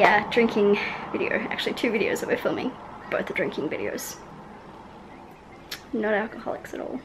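A woman vlogging in a casual, rambling way and swearing freely, talking into a handheld camera. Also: high voice. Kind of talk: casual vlog chat. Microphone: handheld camera mic. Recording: noisy ambient background.

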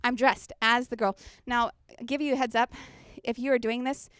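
A woman's voice: fairly high pitch, steady tone, normal speed, fairly bright tone, smooth, dry recording, clean studio sound. A woman presenting a children's ministry workshop, chatty and engaging, often checking in with her audience on a handheld mic. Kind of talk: workshop teaching. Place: conference workshop room.

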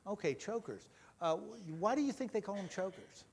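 A man leading a children's talk in church, gentle and full of questions. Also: high-pitched, lively intonation, normal speed, creaky. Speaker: pastor leading a children's message. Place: church sanctuary.

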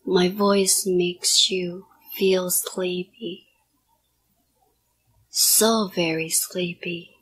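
Woman hypnotist, whispered role-play: low, flat, breathy delivery of soft, repetitive commands. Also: very slow, long pauses.

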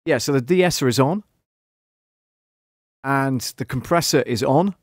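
A man's voice: medium pitch, unhurried, no echo. Chatty man, dry close mic. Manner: chatty and self-deprecating, often asks the viewer along. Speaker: audio producer demonstrating mixer settings. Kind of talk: casual live-stream tutorial. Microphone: studio microphone through a mixer.

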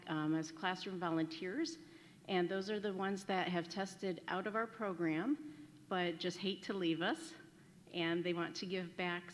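Woman program manager doing casual announcements, lowish voice, echoey hall, faint background noise. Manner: casual, organizing, with fillers. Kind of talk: ceremony announcements. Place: large hall at a graduation ceremony.

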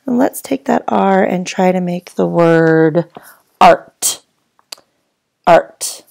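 A woman teaching a phonics lesson to first graders, speaking slowly and clearly and talking as if the children are answering her. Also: lowish voice, darkish tone. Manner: slow, clear, patient teacher voice with drawn-out words.

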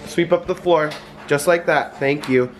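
A man's voice: fairly high pitch, a little slow. A man chatting casually and playfully to the camera while vlogging his family beach trip. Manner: playful, chatty, laughs often. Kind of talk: casual vlog chat. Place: beach house and beach, outdoors. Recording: noisy outdoor recording.

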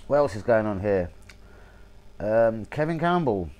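A man's voice: lowish voice, lively intonation, a little fast, low-quality recording. A young man, rambling casually about football, swearing a lot and losing his train of thought. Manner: rambling, swearing, forgetful asides. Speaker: football fan vlogger.

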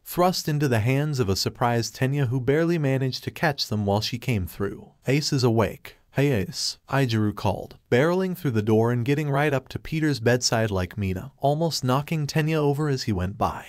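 A man narrating a fan fiction story in a steady, even reading voice. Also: mid-range voice, a little fast, hardly any pauses, no echo, clean studio sound.

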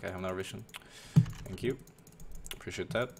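A man's voice: low-pitched, moderate pace, gravelly, background noise. A young man streaming a game, casually talking through play, muttering to himself, swearing and flaring up in exasperation. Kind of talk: casual live gameplay commentary.

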